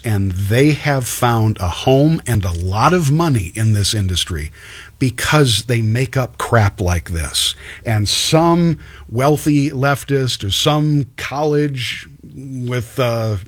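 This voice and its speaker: Man, political commentator, scornful asides, unhurried delivery, animated pitch. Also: husky. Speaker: commentary host. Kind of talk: political commentary reading an article.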